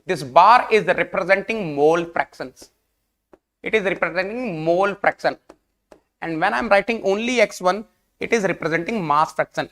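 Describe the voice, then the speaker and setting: An online exam-prep lecture comes from a male engineering teacher whose high, fairly bright voice is expressive and a little fast. With an Indian English accent, he repeats questions and coaxes students in a mix of Hindi and English.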